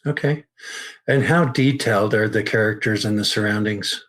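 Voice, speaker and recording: A man hosting a podcast asks interview questions methodically, often restarting his phrasing. His voice is on the low side with a fairly bright tone, and he speaks at a normal speed.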